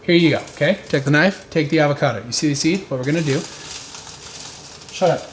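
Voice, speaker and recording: A young man talks through a recipe in his kitchen, his voice sitting a touch high for a man. He keeps it loose and irreverent, swearing freely and cracking jokes at his own expense. A faint noise hums under the recording. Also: fast. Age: 20s. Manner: joking, profane, self-mocking. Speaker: cooking vlog host. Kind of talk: casual cooking tutorial. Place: home kitchen.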